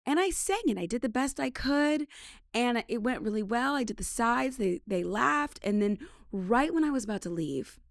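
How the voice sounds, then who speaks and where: A woman's voice: fairly high pitch, moderate pace, vocal fry, no echo, studio quality. Chatty woman host telling a story. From British Columbia, Canada. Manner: chatty and animated, acts out quotes. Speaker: podcast host. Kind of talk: casual storytelling monologue.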